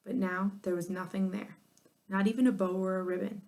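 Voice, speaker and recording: Expressive female narrator for a children's chapter book, lively delivery. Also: medium pitch, brisk. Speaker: audiobook narrator. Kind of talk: children's storybook reading.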